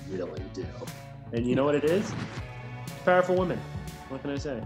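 A man co-hosting a podcast, rambling excitably with lots of fillers and casual swearing, over a remote call. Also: medium pitch, fairly quick, music in the background. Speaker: podcast co-host. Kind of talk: casual film discussion.

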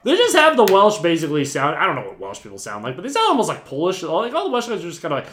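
A man co-hosting a casual film podcast, rambling excitably with lots of "like" and "right" and frequent laughter. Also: a little high, racing. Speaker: podcast co-host. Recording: roomy echoey room.

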